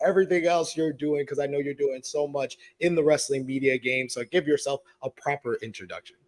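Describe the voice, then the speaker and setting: A man hosting a wrestling podcast in casual chat, his voice hoarse and tired, often repeating words. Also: fairly high pitch, fairly quick. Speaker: podcast host.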